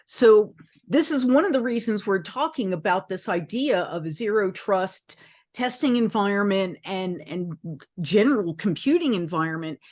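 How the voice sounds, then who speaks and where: A middle-aged woman, an industry analyst, speaking in a measured, explanatory conversational discussion. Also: medium pitch, animated, a little mellow.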